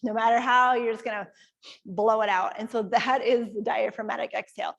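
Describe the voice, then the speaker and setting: Woman from Iowa, yoga teacher, slightly higher voice, calm and conversational, walks the class through each step. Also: a little fast, creaky. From Iowa, USA. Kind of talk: guided yoga class instruction.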